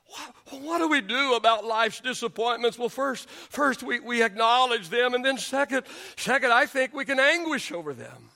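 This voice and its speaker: A middle-aged male pastor preaching a sermon, repeating his words and building to shouts on key lines. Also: extremely high pitch, moderate pace.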